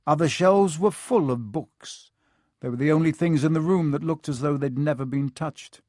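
A man narrating a story in a measured, expressive storytelling manner. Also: a little high, no room sound, clean studio sound. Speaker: audiobook narrator.

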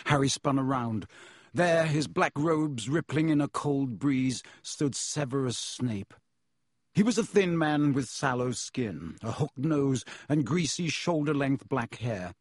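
An audiobook narrator with a medium-pitched voice reads a storybook aloud in a measured, expressive manner. The studio recording is clean, with no room sound.

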